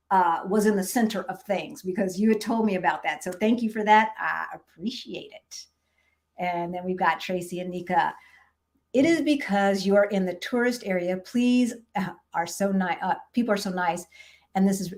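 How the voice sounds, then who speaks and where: A woman's voice: mid-range voice, moderate pace. A middle-aged woman chatting casually on a live stream, reading viewers' comments aloud and laughing often. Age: 50s. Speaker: vlogger reading live chat.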